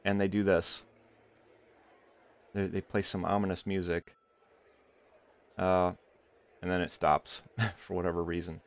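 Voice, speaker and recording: With a low voice that barely moves in pitch, a man from Iowa narrates a tabletop game livestream a little slowly, pausing often. As game master he rambles, leans on fillers, and tries out playful character voices over muffled audio and faint music.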